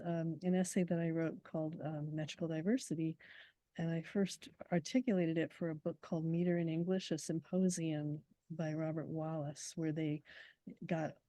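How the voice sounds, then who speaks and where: A middle-aged woman poet talking casually in an interview, animated, sometimes quick and laughing as she explains. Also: lowish voice, dry recording. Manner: animated, fast when excited, laughs while explaining.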